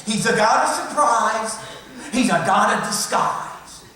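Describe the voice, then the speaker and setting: A man's voice: high voice, takes it slowly, pushed and bright. A man with a Southern US accent, a priest giving a sermon in a folksy storytelling manner. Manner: folksy storytelling with acted quotes. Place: large church. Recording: echoey church, voice from far off.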